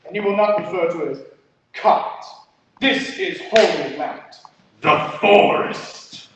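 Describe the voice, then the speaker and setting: A man's voice: sits high, a little slow, a little hiss or hum. A man playing the pompous chief of a tiny forest people in improv comedy, speaking in a grand, commanding, formal way. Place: theater stage. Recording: echoey muffled stage from far off.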